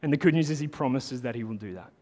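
A man preaching a sermon in a casual, animated way, talking to the congregation like friends. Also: mid-range voice, racing. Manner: conversational, animated preaching with lots of "like". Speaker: pastor. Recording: long hall reverb.

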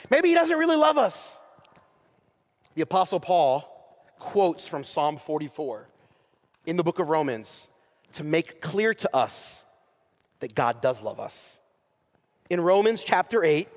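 A man preaching a sermon as pastor, swelling to impassioned peaks and falling to soft, slow pauses. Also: on the high side. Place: church sanctuary. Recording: long reverb of a large hall.

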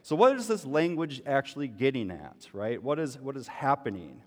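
A man's voice: medium pitch, sing-song, moderate pace. Male pastor, conversational sermon delivery, rhetorical questions, long hall reverb.

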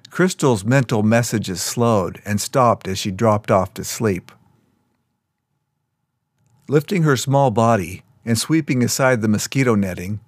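A man reading scripted fiction aloud in a measured, even storytelling manner. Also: lowish voice, no echo. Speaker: audiobook narrator.

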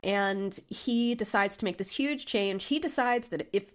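A woman's voice: mid-range voice, a little slow. A woman co-hosting a podcast, talking in a candid, casual way with a nasal, congested voice and frequent laughs. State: congested, intermittent coughing. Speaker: podcast co-host, therapist. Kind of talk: casual chat.

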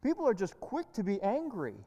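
Mellow-voiced woman preaching in an echoing hall. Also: on the high side, big pitch swings, a little fast. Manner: earnest, with frequent word repeats and restarts. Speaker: pastor. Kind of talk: sermon. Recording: echoey hall reverb.

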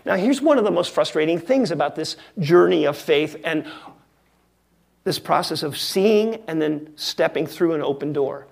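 A male pastor preaching a sermon in a wry, conversational way with emphatic pauses. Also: fairly high pitch, expressive, creaky.

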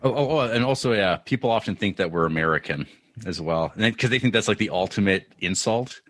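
A man's voice: lowish voice, lively intonation, fast, a bit bright, no room sound. A man hosting a podcast in casual chat, hesitant and self-deprecating. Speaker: podcast host.

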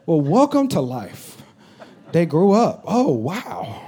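A man preaching a sermon to his congregation, dropping to near-whispers and then rising to shouts, with call-and-response asides. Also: sits high, wildly swooping pitch, slow pace, slightly rough. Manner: swings between hushed near-whispers and loud shouts. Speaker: pastor. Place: church stage with a live congregation.

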